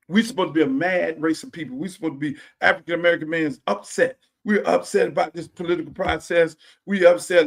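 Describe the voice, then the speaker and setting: 60s guy, high-pitched voice, preachy podcast rant, swears a lot, says stuff over and over. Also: vocal fry, a bit bright. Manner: impassioned, preachy, repeats phrases, swears freely. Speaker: podcast host. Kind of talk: casual monologue. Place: home theater room.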